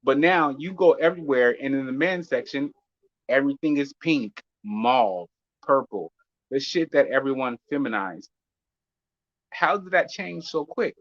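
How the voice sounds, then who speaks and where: A pompous, mock-serious TV anchorman, as a man puts him on. He reads in a lowered, measured announcer tone. The sound is dull, lo-fi and dry, like call audio. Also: lively intonation, vocal fry, fairly bright tone, no echo, full character voice. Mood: mock-formal. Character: mock male TV newscaster, formal and pompous.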